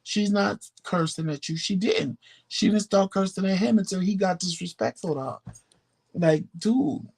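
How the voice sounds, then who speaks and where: A man co-hosting a podcast, telling stories in casual chat, animated and profane, acting out the voices of people he quotes. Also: sits high, moderate pace, creaky, breathy edge. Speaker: podcast co-host.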